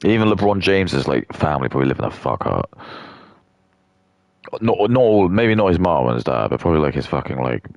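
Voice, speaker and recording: A man's voice: extremely low pitch, sing-song, brisk, vocal fry, darkish tone, no room sound. A man streaming a game, talking in casual, rambling, crude chat full of fillers. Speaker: gaming streamer. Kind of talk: casual live-stream chat while gaming.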